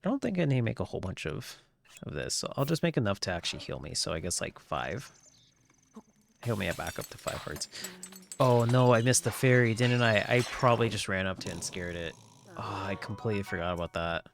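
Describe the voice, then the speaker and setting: A man's voice: on the low side, expressive, fairly quick, vocal fry, a little hiss or hum. A man chatting on a live gameplay stream, rambling with lots of filler words and frequent laughs. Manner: laughs often.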